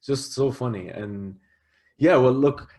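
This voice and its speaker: A man's voice: mid-range voice, slow, darkish tone. A man hosting a podcast, speaking hesitantly with many fillers and encouraging his guest. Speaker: podcast host. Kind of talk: casual interview chat. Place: podcast studio.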